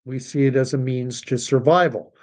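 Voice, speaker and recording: A man's voice: medium pitch, fairly even intonation, moderate pace, darkish tone. A middle-aged man from Canada hosting a livestream, rambling in casual commentary and turning scornful when he argues. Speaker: livestream host.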